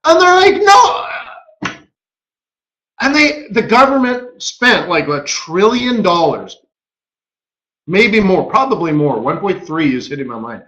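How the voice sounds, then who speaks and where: A man hosting a live trading webinar, telling stories in a casual, animated way and acting out the voices of the people he quotes. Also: high voice, unhurried. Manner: animated storyteller who acts out quoted voices. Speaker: forex market strategist and webinar host. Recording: echoey room, dull lo-fi audio.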